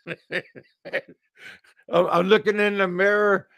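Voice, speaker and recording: Slow gravelly middle-aged guy from the us, rambling jokey vlog, keeps stammering and chuckling. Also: high voice, level tone, a bit bright, dry recording. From United States. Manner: stammering, repeats words, chuckles often, crude jokes. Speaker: expat vlogger. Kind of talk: rambling humorous monologue.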